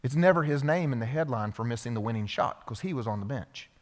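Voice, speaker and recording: A man's voice: medium pitch, animated, fast talker. A man pastor preaching a sermon, telling a story and asking the congregation questions. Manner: storytelling with acted-out quotes, asks the congregation questions. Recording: preached in a hall with long reverb.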